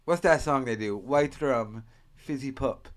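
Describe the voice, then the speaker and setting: A man's voice: medium pitch, unhurried. A man from the United States hosting a casual podcast, rambling and profane, often slipping into mock accents as he riffs. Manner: profane, rambling, mimics accents mid-story. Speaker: podcast host. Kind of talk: casual crude podcast banter.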